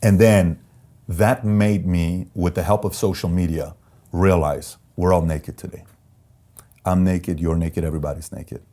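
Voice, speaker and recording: A man's voice: deep voice, a little slow. A man from Iran, a guest in an interview, telling candid personal stories and acting out the voices of people he quotes. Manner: animated storyteller, acts out quoted voices. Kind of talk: candid storytelling in conversation.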